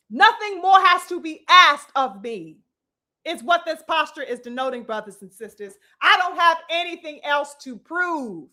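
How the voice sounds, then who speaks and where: Hosting a boxing commentary vlog, this woman delivers an opinionated rant at a moderate pace in an extremely high, bright, forceful voice with lively intonation. She preaches and mocks, firing off crude rhetorical questions and calling out to her brothers and sisters.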